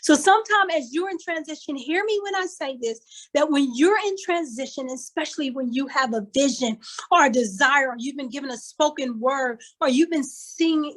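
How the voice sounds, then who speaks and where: A woman's voice: sits high, normal speed, fairly bright tone, rough recording. An older woman from Kansas City giving a motivational talk as a conference speaker, telling a story with emphatic, repeated phrases like a preacher, heard over a video call. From Kansas City, USA.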